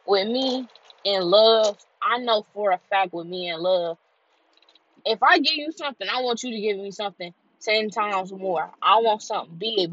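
A woman vlogger talking in a candid, heartfelt freestyle monologue, repeating herself as she goes. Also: mid-range voice. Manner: candid, heartfelt, repetitive and conversational. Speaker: vlogger and podcaster. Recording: dull lo-fi recording.

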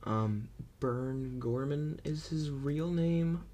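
Man, mid-pitched, casual spoken movie review; rambly, excitable, filler-heavy delivery. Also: very slow. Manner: excitable and amused.

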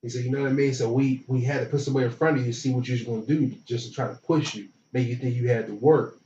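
A young former football player, appearing as a guest, tells a college football story in a relaxed, slangy way, acting out what others said with quoted dialogue. His mid-range voice comes out rapid-fire and animated. The recording is roomy, distant and dull lo-fi, with slight background noise.

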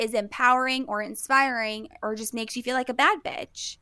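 Bright-voiced woman co-hosting a podcast. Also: on the high side, steady tone, normal speed, clear, resonant tone. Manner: upbeat, uses trendy slang. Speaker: podcast co-host. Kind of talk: casual chat.

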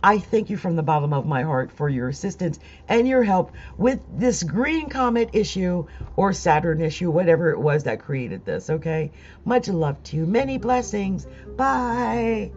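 A woman's voice: lowish voice, big pitch swings, normal speed, a little mellow, lo-fi sound. A woman vlogging about astrology, talking casually and emotionally, rambling with laughs and close to tears. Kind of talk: casual monologue to viewers.

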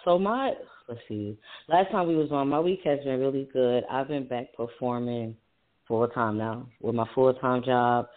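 A man co-hosts a podcast and tells his stories in an animated way, swearing freely. His mid-range voice sounds narrow and phone-like. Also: mid-range voice, normal speed. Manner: animated storytelling with heavy swearing. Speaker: podcast co-host and poet. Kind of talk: casual podcast chat.

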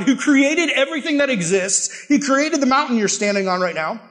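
A man's voice: extremely high pitch, very animated, moderate pace, fairly bright tone. A man preaching a sermon, emphatic and conversational, with frequent rhetorical questions. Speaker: pastor.

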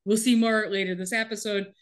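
Co-hosting a casual podcast chat, a woman recaps a TV episode, acting out the quotes with laughs. Her mid-range voice moves little in pitch and runs fairly quick.

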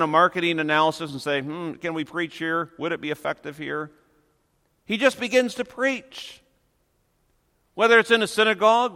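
A pastor delivering a sermon, earnest and emphatic, slowing down to stress key phrases. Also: male voice, sits high, bright, forceful tone, in a large hall.

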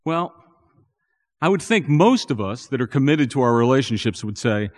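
A man preaching a sermon as a pastor, earnest and building to animated emphasis. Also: medium pitch, normal speed. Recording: long reverb in a church hall.

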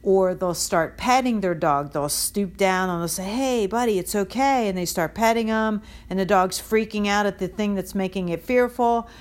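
A woman's voice: mid-range voice, normal speed, few pauses. A woman dog trainer giving casual, direct advice, talking it through with frequent ums and you-knows. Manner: direct and instructive, with many fillers.

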